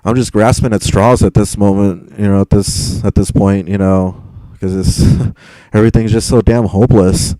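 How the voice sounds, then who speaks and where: A man's voice: fairly low pitch, steady tone, normal speed, mellow, dry recording, low-quality recording. A young man live streaming and answering chat, frustrated and rambling, swearing and stumbling over repeated words.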